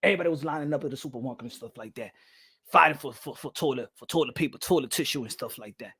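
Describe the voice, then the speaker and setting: Brief: boxing channel host, New York man, animated profane rant, laughs a lot. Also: medium pitch, racing, slightly rough. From New York City. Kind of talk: casual rant to camera.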